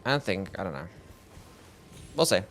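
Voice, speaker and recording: A man's voice: sits low, moderate pace, slight background noise. A young Australian man streaming a game, chatting casually with viewers and often trailing off unsure. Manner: relaxed, mumbly, answers chat questions, trails off with "I don't know". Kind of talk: casual gaming stream chat.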